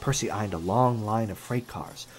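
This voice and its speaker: A man narrating a children's railway story in an expressive storybook style, over background music. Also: fairly low pitch, normal speed.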